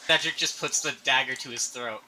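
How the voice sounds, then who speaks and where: A man's voice: medium pitch, fairly quick, heavy background noise. A man playing a tabletop game, chatting in a matter-of-fact way. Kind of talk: casual game chat.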